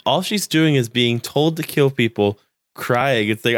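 A young man co-hosting a casual chat, rambling with lots of filler words and lively quoting. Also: medium pitch, a little slow, no echo, studio quality. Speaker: podcast co-host.

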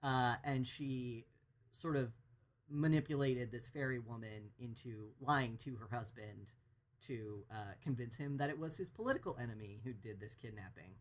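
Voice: mid-range voice, moderate pace. A podcast co-host recapping a TV plot in a casual, rambling way with many fillers. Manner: rambling, lots of fillers and restarts.

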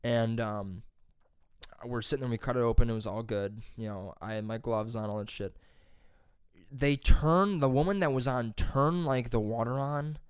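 Profane, rambling young man, crisp voice. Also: medium pitch, normal speed, no room sound, clean studio sound. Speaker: plumber's helper telling a story. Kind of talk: casual chat.

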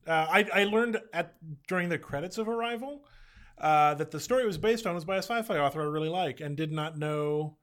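A young man co-hosting a casual podcast chat, relaxed and full of fillers, with dry humor. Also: fairly high pitch, a little fast. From Texas. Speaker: podcast co-host.

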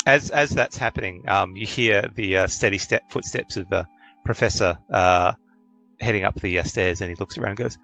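A man's voice: on the low side, moderate pace, gravelly, faint music behind. A man running a tabletop game as game master, narrating hesitantly with lots of fillers. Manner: hesitant, many fillers, animated intonation.

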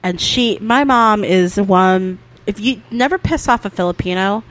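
A young woman co-hosting a podcast, telling lively family stories, laughing often and swearing casually. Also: mid-range voice, measured pace. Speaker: podcast co-host. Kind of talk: casual chat.

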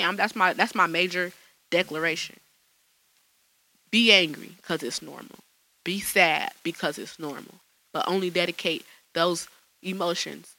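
Gravelly, bright-voiced woman podcast host. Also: on the low side, low-quality recording. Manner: chatty, laughs often, casual slang. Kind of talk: solo podcast chat. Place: small home studio.

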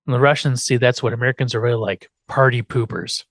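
A man's voice: medium pitch, quick pace, fairly bright tone, no room sound. A man hosting a podcast, telling an episode's story in a casual chat, acting out quotes and swearing now and then. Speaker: podcast host.

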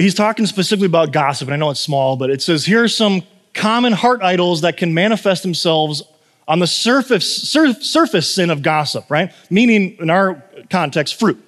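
A man preaching a sermon in a relaxed, conversational way, telling stories and often checking in with "right?". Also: a little high, in a large hall. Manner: conversational, self-deprecating storytelling with frequent "right?". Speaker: pastor.

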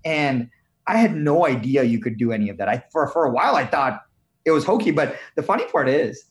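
A man from India, a guest in an interview, telling his story earnestly with frequent halting restarts. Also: mid-range voice, expressive.

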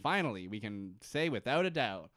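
A man's voice: mid-range voice, big pitch swings, normal speed, a bit bright, no echo. A man co-hosting a podcast, joking and laughing often as he recaps a TV series. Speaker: podcast co-host. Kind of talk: casual TV recap chat.

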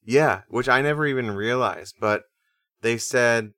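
A man co-hosting a music podcast, casually explaining things in a relaxed way. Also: mid-range voice, a little slow, no echo, studio quality. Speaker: podcast co-host.

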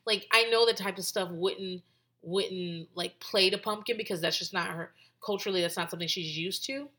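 A woman's voice: on the low side, normal speed, pushed and bright. A woman hosting a podcast in casual chat, talking in a loose, rambling way full of "like" and restarts and swearing freely. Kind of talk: casual commentary.

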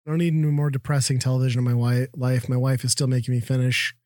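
A man's voice: medium pitch, steady tone, fast, a little mellow, no echo, studio quality. A man co-hosting a podcast in casual chat, blunt and swearing freely. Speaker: podcast co-host.

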